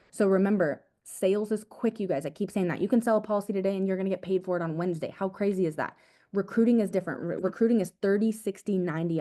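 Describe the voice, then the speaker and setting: Over what sounds like a video call, a young woman with a low, mellow voice talks quickly to her sales team in a motivational team talk. She coaches with casual energy, repeating key lines and calling them "dude" and "guys."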